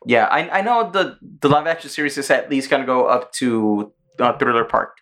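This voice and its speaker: A man in relaxed podcast banter with a mid-pitched voice. He swears freely and slips into quick impressions of the people he talks about. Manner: animated storyteller, acts out quoted people, swears freely. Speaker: podcast co-host. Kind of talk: casual chat.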